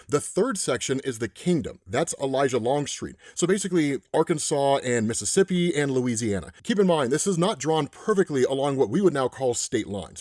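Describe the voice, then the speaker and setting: A man recapping a comic for his channel, chatty and animated, often asking "right?". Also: mid-range voice, dry recording, clean studio sound. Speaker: comic book explainer.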